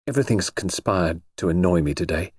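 A man voicing a nervous, uneasy young wife in an audiobook reading, hesitant and halting. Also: low-pitched, darkish tone, breathy edge, dry recording, studio quality. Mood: explaining.

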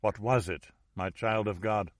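Man doing elderly priest, hushed, soothing, low voice, dry sound. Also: fairly even intonation, unhurried, no echo, natural voice. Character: elderly male Orthodox priest, calm and soothing.

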